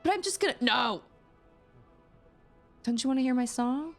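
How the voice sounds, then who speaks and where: A woman's voice: high-pitched, lively intonation, moderate pace, soft background music, pitched above the performer's own voice. A woman voicing a cheerful, stubborn male turtle who keeps pushing his little song. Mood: chirpy. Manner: sing-song, chirpy and persistent.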